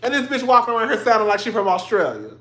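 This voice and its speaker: A man's voice: sits high, racing, a little hiss or hum. Sassy guy ranting on his livestream, cussing and laughing a lot, roomy echo. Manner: sassy, animated, profane, laughs often. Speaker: livestream host. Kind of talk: casual livestream commentary.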